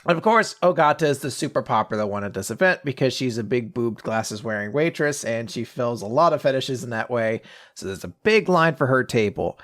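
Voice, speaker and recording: A man's voice: mid-range voice, animated, fairly quick, a bit bright. A man hosting a podcast, casually recapping comics, swearing and jumping into quoted voices. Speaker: podcast host.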